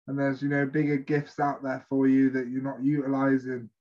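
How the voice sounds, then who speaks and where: A man's voice: medium pitch, completely flat delivery, normal speed. A man who works as a life coach, speaking earnestly and hesitantly in casual conversation. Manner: earnest, hesitant, heavy on fillers. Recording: dull lo-fi sound.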